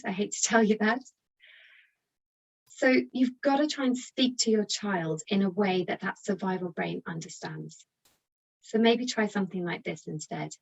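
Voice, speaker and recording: A British woman talks parents through her advice in a chatty, encouraging way, speaking directly to her viewers. Her voice sits at an everyday middle pitch. The recording is slightly dull and lo-fi. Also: vocal fry, husky. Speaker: parenting coach. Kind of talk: direct-to-camera parenting talk.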